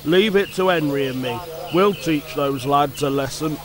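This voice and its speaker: A man doing a calm good-humoured engine driver. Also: a little high, moderate pace, a crowd in the background, natural voice. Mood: calm, explaining. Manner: steady, explaining, confident. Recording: music playing under the voice.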